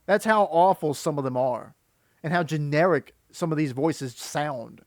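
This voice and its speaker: Guy ranting about game voices, fairly high pitched, super dry close sound, keeps restarting. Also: a little slow, dry recording. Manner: exasperated, rambling with restarts. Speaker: video commentator. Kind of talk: critical reaction commentary.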